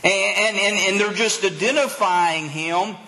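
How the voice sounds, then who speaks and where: A man's voice: sits high, unhurried, sharp tone. A man preaching a sermon as a pastor, delivering it with animation and acting out the voices of the crowd. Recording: long hall reverb.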